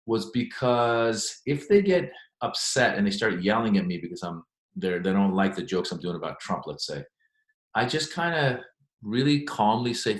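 A man, a stand-up comedian, answering interview questions in an animated, chatty storytelling way. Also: medium pitch. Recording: echoey room.

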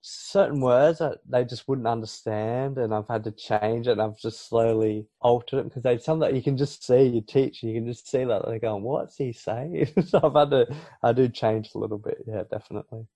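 A man's voice: medium pitch, a little fast, dark tone, dry recording. A man in his thirties with an Australian accent, chatting casually as a podcast guest, with plenty of fillers, restarts and laughs. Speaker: podcast guest, English teacher. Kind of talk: casual interview chat.

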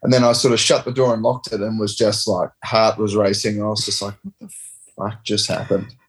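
A man's voice: lowish voice, fairly even intonation, a little fast, husky. A man in his thirties, a rugby player, telling a rambling, laid-back story with casual swearing in an interview. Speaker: professional rugby player guest.

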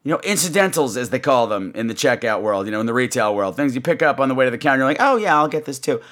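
A man's voice: medium pitch, rapid-fire. A man hosting a podcast, telling a comic story and swooping in and out of voices. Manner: animated, swoops into voices and gasps. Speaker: podcast host.

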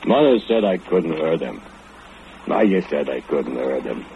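A man's voice: rumbling low, sing-song, unhurried, vocal fry, full character voice. An actor playing a drunken, brooding male foundry laborer who speaks broken English and chuckles darkly, in old radio drama style. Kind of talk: 1940s radio acting. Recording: tinny old radio broadcast, hiss.

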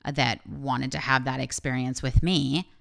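Low-voiced frank woman podcaster. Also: moderate pace, vocal fry. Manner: frank, animated, swears freely. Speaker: podcast host. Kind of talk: candid solo podcast monologue.

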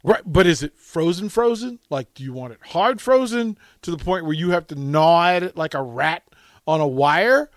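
Male radio host, high lively voice, dry studio sound, animated storyteller. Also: normal speed, no room sound. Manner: animated storytelling, dramatic swings from loud to hushed. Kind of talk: casual call-in radio chat.

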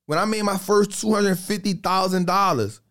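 A man in a casual podcast chat, telling stories in an animated, slangy way and repeating phrases for emphasis. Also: high voice, normal speed.

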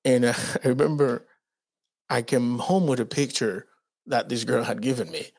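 A Dominican man co-hosting a podcast tells a story casually, swearing freely and animatedly acting out quotes in raised voices. His voice is medium-pitched, gravelly, and husky, with a moderate pace.

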